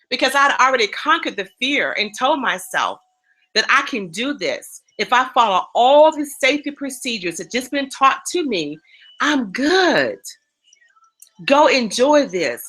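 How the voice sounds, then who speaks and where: A woman giving a motivational talk, telling animated stories and addressing her listeners directly. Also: on the high side, moderate pace, poor audio. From East Coast of the United States. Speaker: motivational speaker.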